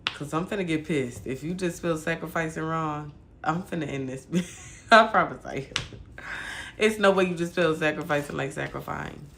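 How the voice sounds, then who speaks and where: A woman's voice: sits low, normal speed, gravelly, a bit bright, a little hiss or hum. A woman from Michigan hosting a casual livestream chat, ranting bluntly and cursing freely at her viewers. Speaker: livestream host.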